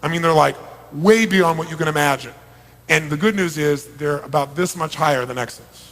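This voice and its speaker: A man giving a live motivational seminar talk in a large hall, swinging between booming shouts and hushed asides. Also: brisk. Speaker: motivational speaker.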